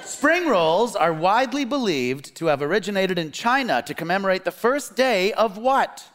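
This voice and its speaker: A man's voice: sits high, very animated, moderate pace, fairly bright tone. A man hosting a live comedy debate, delivering puns playfully and reading quiz questions. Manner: playful, punning, quizmaster. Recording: live audience, noisy stage. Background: audience laughter.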